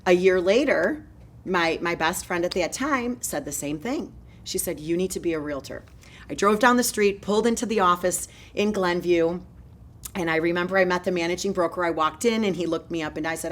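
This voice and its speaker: A low-pitched woman in her forties runs her own real estate company and tells her story in an interview. She is energetic and moves quickly from one thread to the next. A faint hum sits in the background. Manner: energetic, fast-moving storyteller.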